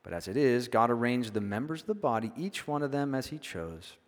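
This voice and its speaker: A man's voice: mid-range voice, sing-song, brisk. A man preaching a sermon in a church, conversational and often checking in with his listeners. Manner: conversational, keeps asking "right?". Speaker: pastor. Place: church sanctuary. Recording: long hall reverb.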